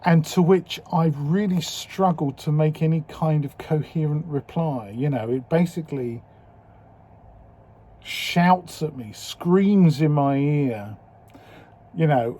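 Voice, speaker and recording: Husky fifty-something guy, dark voice, talks slow and frank into his video diary. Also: on the high side. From England. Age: 50s. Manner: slow, reflective and candid, with strong swearing. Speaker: video diarist.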